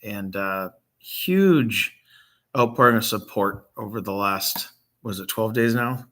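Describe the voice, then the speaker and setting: A middle-aged man from Michigan, a grieving father hosting a vlog, talks off the cuff with many pauses and ums, his voice catching as he nears tears. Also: fairly low pitch, pushed and bright. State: emotional, near tears. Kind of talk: unscripted casual talk to camera.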